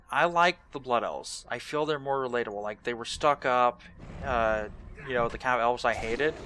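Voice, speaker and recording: A man's voice: mid-range voice, sharp tone, a little hiss or hum. A young man giving casual, rambling gaming commentary, hesitant and self-deprecating. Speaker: let's play host.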